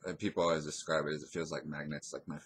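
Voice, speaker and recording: A man telling a personal story in a casual, hesitant way, pausing and restarting often. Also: rumbling low, flat delivery, fairly bright tone, a little hiss or hum. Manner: hesitant, rambling, full of pauses and restarts.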